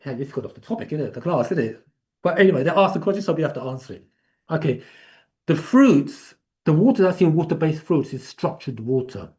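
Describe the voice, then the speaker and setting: An Englishman with a mid-range, somewhat dark voice hosts a live online class, chatting and rambling casually and laughing easily.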